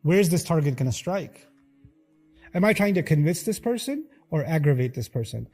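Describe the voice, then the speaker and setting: Male religious lecturer, earnest and emphatic, mellow tone, faint music underneath. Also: a little high, very animated, moderate pace. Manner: earnest, emphatic, acts out quotes. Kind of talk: sermon-style lecture.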